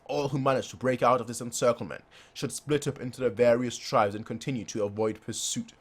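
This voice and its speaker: A man reading the lines of a resolute female general who gives steady orders to her troops. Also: mid-range voice, a little fast, natural voice.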